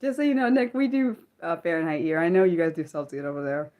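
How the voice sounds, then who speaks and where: A young American woman hosts an unscripted livestream, chatting with viewers in a rambling way full of fillers and restarts. Her voice is lowish and darkish in tone, and she talks fast.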